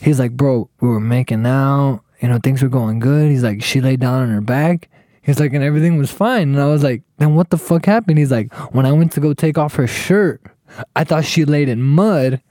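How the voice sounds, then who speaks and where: A man's voice: mid-range voice, moderate pace, no room sound, clean studio sound. A young man casually telling a profane story to friends, acting out what everyone said. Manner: profane, animated, acts out quotes.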